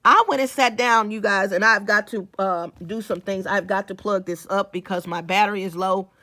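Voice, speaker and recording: A woman's voice: medium pitch, steady tone, moderate pace, bright, forceful tone. A woman, a small-business owner, telling a story to her viewers in a casual vlog. She is chatty, restarts her sentences and talks straight to the audience.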